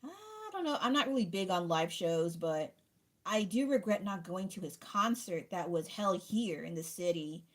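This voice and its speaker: Woman, lowish pitch, casual rambling stream chat, chatty with restarts. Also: sing-song, normal speed. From United States. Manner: chatty, rambling, self-interrupting. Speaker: art streamer.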